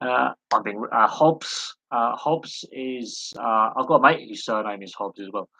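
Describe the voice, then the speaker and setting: Bright-voiced rambling man chatting live. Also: mid-range voice, measured pace, gravelly, slightly rough, dry recording, poor audio. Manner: rambling, wanders off on tangents; self-mocking, chuckles at himself. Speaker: live stream host answering chat. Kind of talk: casual live Q&A chat.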